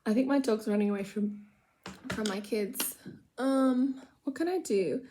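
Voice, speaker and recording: Rambling woman, fairly high voice. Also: measured pace, warm tone. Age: adult with children. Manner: rambling, chatty, self-mocking, drops to mutters. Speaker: vlogger doing makeup. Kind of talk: casual get-ready-with-me chat. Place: her room at home.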